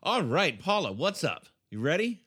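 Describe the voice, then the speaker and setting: Man, podcast co-host, wry, bemused, bright, lively pitch. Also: normal speed, slightly rough. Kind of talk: comedy podcast banter.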